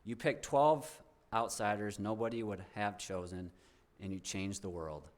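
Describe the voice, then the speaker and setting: A man's voice: on the low side, a little slow. A young man giving an informal, heartfelt testimony to a church congregation as a guest speaker, rambling with many restarts.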